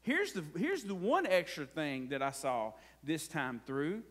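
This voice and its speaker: A man's voice: on the high side, wildly swooping pitch, unhurried, fairly bright tone. A man preaching a conversational sermon as pastor, asking the congregation frequent rhetorical questions.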